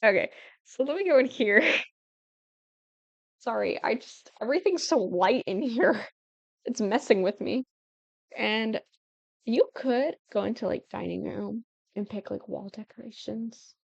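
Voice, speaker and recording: A woman's voice: a little high, lively intonation, measured pace, gravelly, long pauses, dry recording, dull audio. A young woman giving casual, chatty gameplay commentary while she builds, often breaking off mid-thought and giggling. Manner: chatty and self-interrupting, with giggles. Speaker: Sims building tutorial creator.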